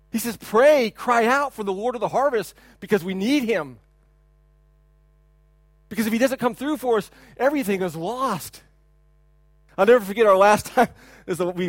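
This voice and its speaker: Speaking conversationally, a thirty-something pastor in a church hall keeps repeating words and restarting, then erupts into loud, animated preaching, including shouts mimicking a crying child. His voice is high for a man, and it sounds close and dry with little room around it and no echo.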